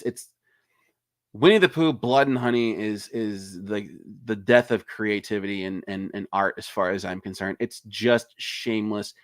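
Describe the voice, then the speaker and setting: A man's voice: mid-range voice, dry recording, clean studio sound. A man, an indie filmmaker, chatting casually and ranting with plenty of swearing, sometimes acting out quoted lines in a raised voice. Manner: ranting, profane, animated. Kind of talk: casual livestream chat.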